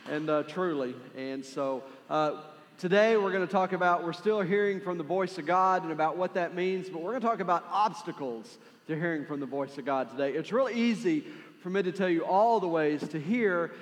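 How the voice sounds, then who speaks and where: A man's voice: high-pitched, normal speed. A man with a West Texan accent, preaching a sermon as pastor with prayer and announcements, in an earnest, conversational way with plenty of fillers. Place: large church sanctuary. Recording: long hall reverb with faint music.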